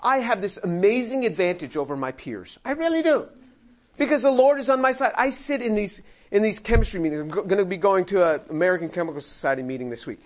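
A man's voice: high-pitched, animated, fast talker, low-quality recording. An older man teaching a Bible study in a conversational way, acting out quoted voices and chuckling now and then.

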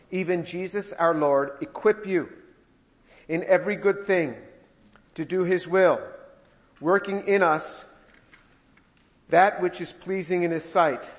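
A man preaching a sermon, reading scripture slowly and deliberately and often restarting his phrases. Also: a little high. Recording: dull lo-fi sound with long hall reverb.

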